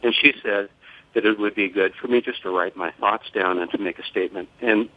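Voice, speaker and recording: An older man speaking in a measured, formal way as a guest on a phone interview. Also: lowish voice. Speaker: guest, father of a fallen soldier. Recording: tinny phone line.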